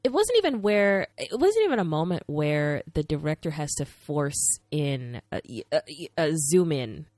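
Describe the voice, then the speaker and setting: A woman's voice: sits low, sing-song, unhurried, hardly any pauses, a little mellow, no echo, clean studio sound. A woman co-hosting a podcast whose first language is not English, talking in playful casual chat, sometimes searching for words and reaching for dramatic turns of phrase. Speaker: podcast co-host.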